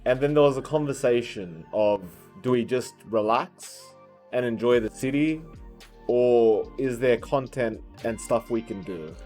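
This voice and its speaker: A man's voice: mid-range voice, measured pace, a little mellow, faint music behind. A man co-hosting a podcast as an esports caster, in casual, rambling chat with a lot of restarts and some swearing, sounding tired. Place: hotel conference room.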